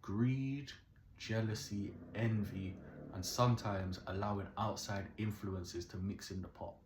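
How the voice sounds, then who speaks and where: Young Caribbean-born male storyteller, very deep voice, lively and preachy, roomy echo. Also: unhurried, background noise. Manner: animated, keeps asking "yeah?", moralizing. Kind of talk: casual storytelling to camera. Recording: echoey room.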